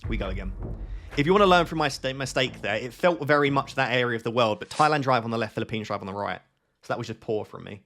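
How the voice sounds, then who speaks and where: A man's voice: medium pitch, fast, gravelly, fairly bright tone. A man hosting his gaming channel, giving live gameplay commentary as he thinks aloud and keeps questioning himself.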